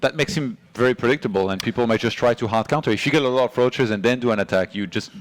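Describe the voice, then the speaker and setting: Man, esports caster, mid-pitched voice, conversational, teasing. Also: quick pace, no echo. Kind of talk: live game commentary.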